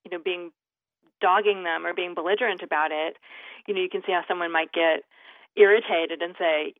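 A woman's voice: lowish voice, steady tone, moderate pace, no echo. A woman grammar expert, a guest on a call-in radio show, explaining usage in a chatty way with many fillers. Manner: chatty, many "you know" fillers, laughs easily. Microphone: phone. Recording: narrow phone line.

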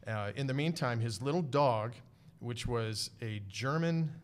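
A man's voice: medium pitch, measured pace. Chatty man telling backstage stories. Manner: chatty storyteller, laughs often. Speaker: podcast host. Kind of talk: casual chat.

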